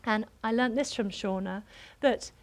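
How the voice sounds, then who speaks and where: High-voiced woman preaching. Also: a little slow. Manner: animated, bursts into laughter while telling a story. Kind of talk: sermon storytelling.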